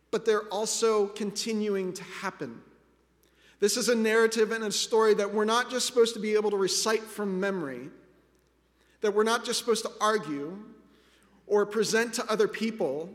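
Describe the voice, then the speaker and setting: A man's voice: high-pitched, a bit bright. A man preaching a sermon as pastor, earnest and reflective, speaking directly to his listeners as friends. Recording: long reverb of a large hall.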